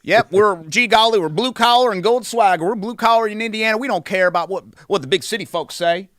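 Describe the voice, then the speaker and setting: A man's voice: sits high, a little fast, a bit bright, no room sound, clean studio sound, voice pushed up. A man mockingly putting on the voice of a hokey, cheerful small-town booster. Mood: mocking folksy.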